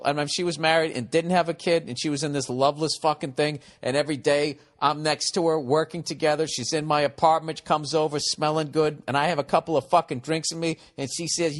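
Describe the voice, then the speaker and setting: A man's voice: fairly high pitch, fairly even intonation, fast, few pauses. A middle-aged man hosting a podcast, giving blunt, profane, rambling advice in a casual comedic monologue.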